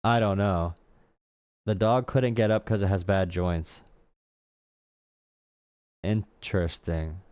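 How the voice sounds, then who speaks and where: A man's voice: sits low, steady tone, takes it slowly, pauses often, darkish tone, clear, resonant tone, no echo. A man hosting a live stream, giving blunt, sarcastic commentary and repeating himself for emphasis. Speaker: streamer host.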